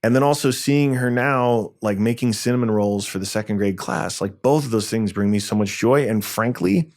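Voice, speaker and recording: A man in his forties from New York, a tech entrepreneur guest telling lively stories in a podcast interview. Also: on the low side, moderate pace. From New York, USA. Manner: lively anecdotal storytelling, acts out dialogue.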